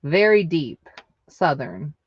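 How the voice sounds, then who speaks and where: A woman's voice: sits low, sing-song, slow pace, husky, dry recording, highs cut off. A woman hosting a live online craft sale, chatting casually and answering viewer comments aloud. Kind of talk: casual live-selling chat.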